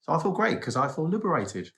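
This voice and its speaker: A man talking in a calm, laid-back way as he joins his wife's vlog. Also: fairly high pitch, quick pace, gravelly. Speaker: co-host, husband. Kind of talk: casual chat.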